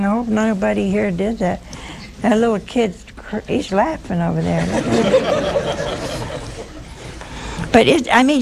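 A woman's voice: fairly high pitch, creaky, slight background noise. A woman preaching a sermon in a folksy, humorous storytelling manner, acting out bits of dialogue.

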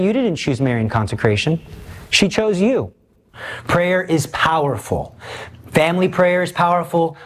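A man preaching an impassioned Catholic sermon, emphatic, with rhetorical questions and sudden swings in pitch.

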